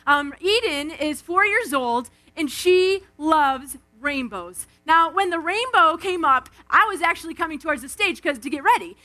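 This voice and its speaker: A woman giving a lively devotional talk from an outdoor event stage, acting out quotes and calling on the crowd on a stage microphone. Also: sits high, normal speed, few pauses. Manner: animated, acts out quotes, calls on the crowd. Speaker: speaker at a live Christian event. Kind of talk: energetic devotional talk with storytelling.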